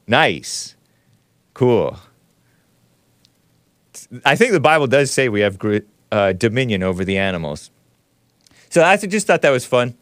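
A man hosting a call-in show, chatty and quick to laugh, often cutting himself off mid-sentence. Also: medium pitch, a bit bright, clean tone, no echo, studio quality. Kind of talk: casual call-in talk.

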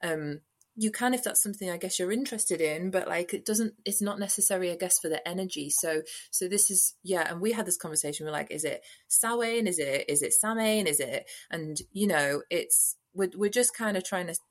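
A woman's voice: fairly low pitch, fairly quick. A woman co-hosting a casual podcast chat, rambling and thinking aloud as she goes. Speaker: podcast co-host.

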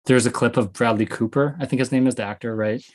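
A man's voice: medium pitch, steady tone, fast talker, a little mellow. A man from the US West Coast hosting a casual discussion, rambling with many fillers and restarts.

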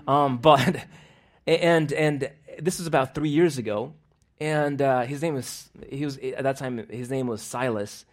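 Preaching in a church, a man opens with prayer and then tells a personal story, laughing often and swinging from loud bursts to quiet asides. His voice is mid-range and a little slow.

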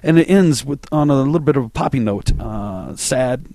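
A man's voice: medium pitch, animated, moderate pace, mellow, no echo, clean studio sound. A man hosting a music podcast, chatting loosely between songs, self-deprecating and swearing casually.

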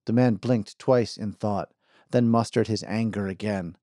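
Male audiobook narrator, measured delivery, low mellow voice, dry close sound. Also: fairly even intonation, no room sound. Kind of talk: scripted narration.

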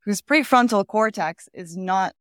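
A woman hosting an interview, offering her own thoughts in a relaxed, filler-heavy way. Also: mid-range voice, unhurried, no echo, studio quality. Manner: thoughtful, with many fillers like "you know" and "um". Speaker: podcast host. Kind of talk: conversational interview commentary.

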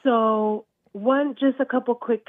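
A woman's voice: on the high side, takes it slowly, dry recording. A woman calling in to a talk show, sick with a nasal voice, speaking animatedly and acting out quotes. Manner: animated, acts out quotes with laughs. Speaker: caller. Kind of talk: call-in discussion. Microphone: phone call. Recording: tinny phone line.

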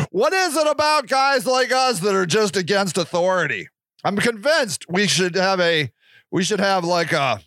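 A podcast host in his sixties delivers a casual ranting monologue, profane and sarcastic, often laughing at himself. His voice is high-pitched and fairly bright, captured in clean studio sound with no room tone.

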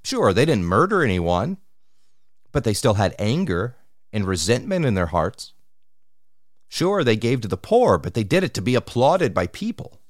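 A man preaching a sermon on scripture, measured and deliberate, slowing down to stress key words. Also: medium pitch, very animated, no echo, clean studio sound. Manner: measured, slows for emphasis on scripture.

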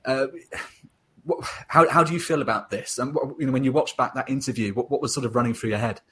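A man's voice: medium pitch, fast talker, bright, forceful tone, a little hiss or hum. A man co-hosting a podcast, discussing football casually and hedging often with "sort of". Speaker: podcast co-host.

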